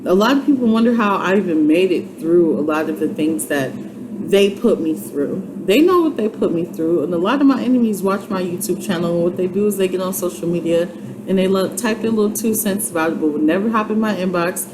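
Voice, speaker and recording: A woman's voice: on the low side, lively intonation, fairly quick, background noise. A woman in her twenties giving an earnest, faith-based motivational vlog, urging and repeating herself like a preacher. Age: 20s. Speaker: YouTube vlogger.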